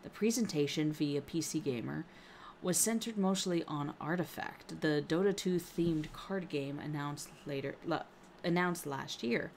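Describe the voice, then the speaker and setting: A woman's voice: low voice, a little slow, darkish tone, slight background noise. A woman co-hosting a casual gaming podcast, reading news articles aloud and laughing at her own slips.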